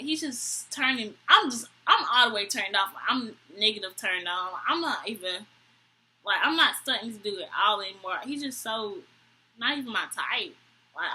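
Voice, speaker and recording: A young woman, telling a story to camera in an animated, exasperated way. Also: slight background noise, low-quality recording. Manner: animated, exasperated, quotes people with high voices. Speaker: vlogger. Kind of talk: storytime vlog, casual chat to camera.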